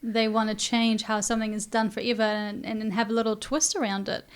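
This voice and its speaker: A woman's voice: on the high side, fairly even intonation, brisk. A woman hosting a podcast, speaking in a supportive, reflective way to her guest. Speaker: podcast host. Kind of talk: casual interview chat.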